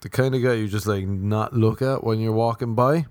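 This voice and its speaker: An Irish man rambling through funny stories in a casual, animated way, swearing freely. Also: on the low side, moderate pace, no echo. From Ireland. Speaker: comedian. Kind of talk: casual comic storytelling.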